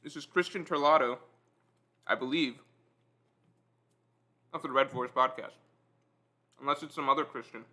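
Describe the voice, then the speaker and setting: Guy streaming and chatting with viewers, bright tense voice, laid back and joking at himself. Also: mid-range voice, normal speed, long pauses. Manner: relaxed, self-deprecating, reads out chat comments. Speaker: livestream host. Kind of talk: casual chat with live viewers.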